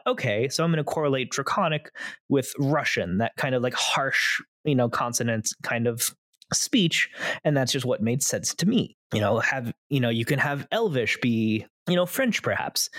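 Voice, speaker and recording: Young male podcast host, chatty and rambling, lively pitch, dry close mic. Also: no echo. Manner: rambling, heavy on fillers. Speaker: podcast host, game master. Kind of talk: casual chat.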